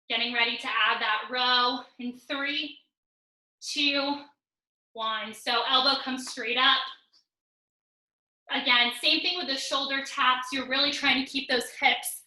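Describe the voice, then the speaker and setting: A female fitness instructor with a very bright, high voice teaches a live online workout class in an echoey room. A bit out of breath, she keeps the coaching upbeat, counting down reps and making joking asides.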